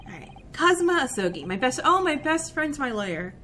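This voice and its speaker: A woman's voice: sits high, sing-song, brisk, sharp tone, slight background noise, heavily acted. Woman voicing an earnest young male student. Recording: faint game music behind.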